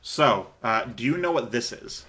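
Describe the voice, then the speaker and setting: Bright-voiced man gaming. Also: medium pitch, expressive, moderate pace. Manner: chatty, swears freely. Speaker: let's play host. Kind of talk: casual gaming chat.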